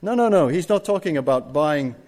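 A man's voice: on the high side, expressive, a little fast, darkish tone. A man preaching a sermon, stressing his points and putting rhetorical questions to the congregation.

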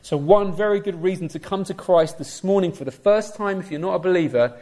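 Male preacher, middle-aged, lively sermon delivery with questions to the congregation, slightly high voice. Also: brisk.

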